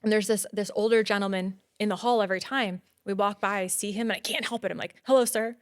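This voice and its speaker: A woman in her thirties telling a story as a podcast guest, acting out dialogue and growing loud and high when excited. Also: fast talker, no room sound, studio quality.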